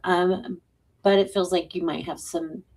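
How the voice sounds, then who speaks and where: Husky-voiced joking woman co-host. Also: lowish voice, steady tone, a little slow, darkish tone. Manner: loose and joking, answers viewer questions. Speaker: co-host and intuitive reader. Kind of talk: casual live-stream chat.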